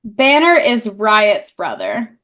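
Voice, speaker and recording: A woman's voice: mid-range voice, huge pitch swings, slow pace, sharp tone. A young woman co-hosting a casual book podcast, chatty and full of fillers. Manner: chatty, lots of fillers, laughs easily. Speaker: podcast co-host.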